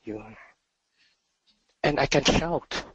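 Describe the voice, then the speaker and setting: Man, meditation teacher, dharma talk, soft-spoken, halting, very slow, dry close sound. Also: on the high side, husky, no echo, poor audio.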